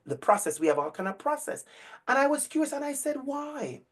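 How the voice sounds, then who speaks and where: A middle-aged male educator telling a story to an online audience over a video call, animated and emphatic, repeating phrases for effect. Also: very high-pitched, quick pace. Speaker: educator and speaker.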